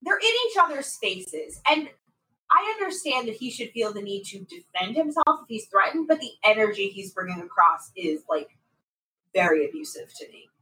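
Animated, profane woman recapping reality TV. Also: medium pitch, moderate pace, low-quality recording. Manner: animated, profane storytelling with many "like"s. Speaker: podcast co-host recapping a reality show. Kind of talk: casual chat.

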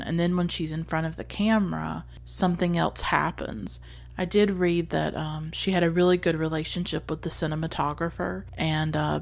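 Woman film reviewer, low gravelly voice, dry close sound, thoughtful casual delivery. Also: no echo. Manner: thoughtful, with frequent restarts and fillers.

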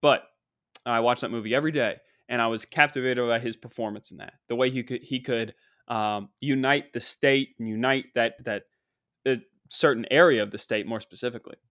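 Excitable young man with a bright voice. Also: medium pitch, a little fast, no echo, studio quality. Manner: excitable, rambling, joking. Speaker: show host. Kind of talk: comedic monologue.

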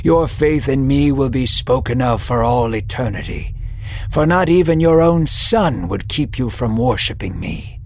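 A man voicing God, solemn and slow. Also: mid-range voice, animated, a little hiss or hum, close to an everyday voice. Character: God, a commanding male divine voice.

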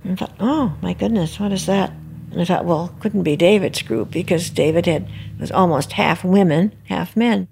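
An older woman recalling, in a halting and reflective way, how she heard terrible news. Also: on the low side, vocal fry, warm tone, a little hiss or hum. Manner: halting, reflective, pauses and restarts. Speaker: bereaved mother interviewee. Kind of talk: personal recollection.

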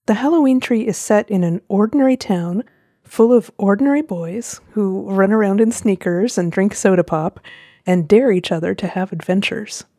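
A woman reading a storybook aloud with a slow, gentle, expressive delivery. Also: medium pitch, dry recording, studio quality.

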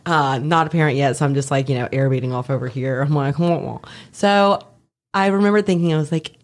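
Woman, former nurse, casual storyteller; animated, profane, mimics voices, laughs often. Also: low-pitched, fast talker. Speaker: former labor and delivery nurse. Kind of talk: casual chat.

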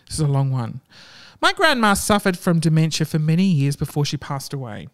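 A man reading stories aloud and breaking off into hushed, emotional asides. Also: fairly high pitch, big pitch swings, normal speed. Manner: reactive, drops to hushed asides between readings.

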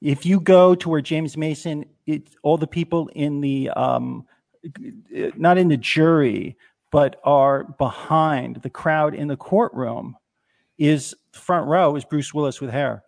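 A man with a gravelly voice pitched a little high. He chimes in eagerly with movie trivia and quick asides during a casual chat. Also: a little mellow. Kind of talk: casual chat about old films.

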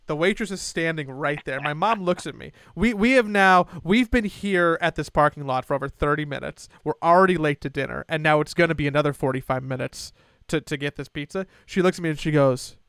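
Young male podcast host, smooth and a touch high, dry close sound; animated, stammery storyteller. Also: brisk, no room sound. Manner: animated, stammering restarts and laughing asides. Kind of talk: casual storytelling chat.

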